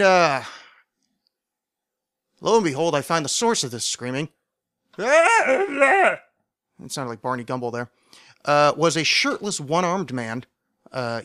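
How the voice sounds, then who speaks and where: A man hosting a podcast, telling a long story in a wry, rambling way and sometimes acting out shouted quotes. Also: mid-range voice, clear, resonant tone, no room sound, studio quality. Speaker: podcast host. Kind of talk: casual storytelling monologue.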